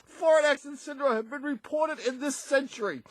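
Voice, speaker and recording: A man co-hosting a radio call-in show, chatting in bantering style and breaking into wheezing high laughter. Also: fairly quick. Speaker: radio co-host. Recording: radio studio broadcast.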